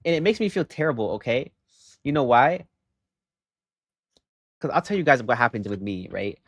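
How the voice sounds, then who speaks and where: Young man, live streamer, casual chat, animated, exasperated, mid-pitched, dry sound. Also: moderate pace, no echo. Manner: animated storytelling, gets loud and exasperated.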